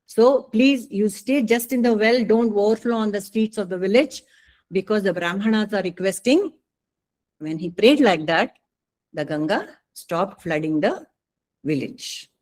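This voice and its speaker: A woman giving a talk, telling a story in an animated way with many fillers and asides. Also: mid-range voice, unhurried, rough recording. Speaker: speaker.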